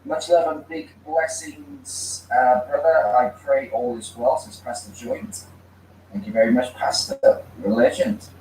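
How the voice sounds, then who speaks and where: A man's voice: mid-range voice, unhurried, a little mellow. A man hosting a livestream, greeting viewers by name and reading their comments in casual chat. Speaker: livestream host. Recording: echoey room, mic far off, faint noise.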